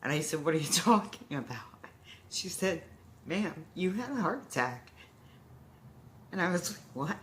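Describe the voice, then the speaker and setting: A low-pitched woman in her forties tells a personal story, full of pauses, restarts and fillers. She sounds emotional and halting throughout. Faint room ambience hums in the background. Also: sing-song, slight background noise. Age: 40s. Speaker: heart attack survivor telling her story.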